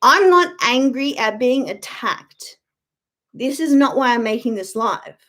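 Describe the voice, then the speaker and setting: A young woman hosting a YouTube livestream talks straight into her webcam mic at home, greeting chat viewers by name. Her high, fairly bright voice has lively intonation and a slightly slow pace, and she sounds blunt and irritated, swearing freely in a casual, off-the-cuff way.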